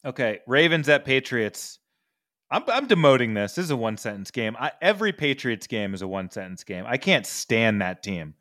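A man co-hosting a casual sports podcast, excitable and profane, talking in quick bursts. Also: mid-range voice, no echo, clean studio sound. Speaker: podcast co-host.

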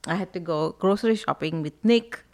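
An older woman, a guest's mother, speaking softly in short answers during a casual podcast chat. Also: on the low side, fairly quick. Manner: soft-spoken, brief answers.

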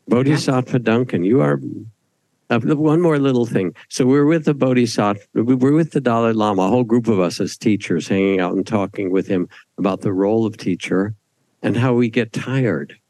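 A man's voice: on the low side, gravelly, a little mellow, no room sound, rough recording. A man who is a meditation teacher speaks on a retreat panel, reflective and telling stories. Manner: reflective, storytelling. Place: retreat hall.

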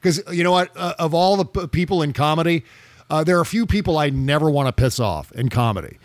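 Chatty, profane podcast co-host, dry close sound. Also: male voice, on the high side, animated, no room sound. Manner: chatty, profane, quick laughs. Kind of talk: casual political chat.

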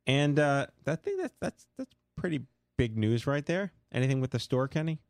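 A man's voice: medium pitch, very animated, normal speed, a little mellow, no room sound, clean studio sound. A man with a New York accent hosting a casual talk show, rambling and correcting himself as he goes. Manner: rambling, self-correcting, playful. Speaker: podcast host.

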